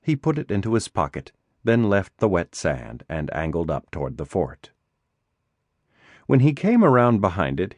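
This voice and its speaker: A man narrating a suspense novel in a measured, expressive audiobook reading. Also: low voice, no echo. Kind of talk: scripted narration.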